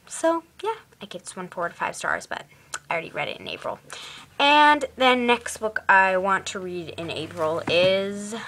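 A woman's voice: medium pitch, fairly bright tone. A teenage girl vlogging about the books she plans to read, chatty and rambling, in a put-on British accent. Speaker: book vlogger. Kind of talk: casual book chat to camera.

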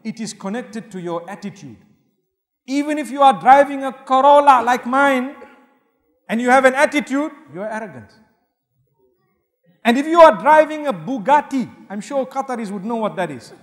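A male Islamic preacher giving a sermon lecture, earnest and humorous, swinging between loud emphasis and soft asides. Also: extremely high pitch, animated, normal speed. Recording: long hall reverb.

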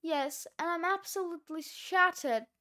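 A woman voicing a sentimental older woman on a school's staff in a storybook read-aloud, speaking softly and lower than her narration. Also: moderate pace. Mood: tearful.

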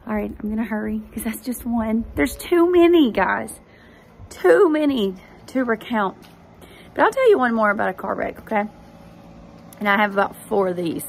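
A woman's voice: a little high, moderate pace, vocal fry, a little hiss or hum. A woman, hosting a faith vlog and earnestly telling a personal testimony straight to her viewers. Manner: earnest, animated storytelling addressing viewers directly.

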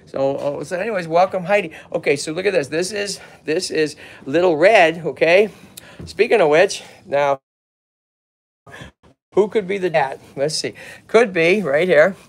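Speaking at a measured pace with some vocal fry, this Lowell man with a Boston-area Massachusetts accent runs a relaxed livestream from a tortoise yard outdoors. He holds his phone camera on himself and happily talks to both his audience and the tortoises he looks after.

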